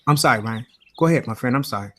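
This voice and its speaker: A man's voice: medium pitch, lively intonation, racing. A man hosting a casual call-in talk show, speaking emotionally and swearing freely. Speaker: host.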